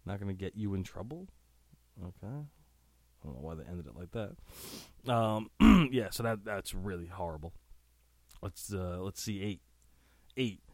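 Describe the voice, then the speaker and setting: A man hosts a laid-back solo podcast in a slow, unhurried drawl. His voice sits a little low, and he is sniffly and keeps clearing his throat. The sound is dry and close, with no room echo. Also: lively intonation, a little mellow. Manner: crude, laughing, breaks off into asides. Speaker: podcast host. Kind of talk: casual solo podcast, reading pickup lines aloud.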